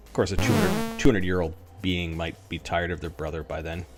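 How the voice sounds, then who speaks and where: Playful low-voiced man streaming a game. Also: steady tone, brisk, music in the background. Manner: playful, muttering asides to himself, sometimes hushed. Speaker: streamer playing a retro computer role-playing game. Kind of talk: live game commentary. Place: home streaming setup.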